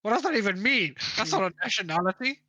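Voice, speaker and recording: A woman's voice: mid-range voice, sing-song, quick pace, sharp tone, dry recording, highs cut off. A woman from Africa, trading dry, teasing banter in a casual group chat on a stream. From South Africa.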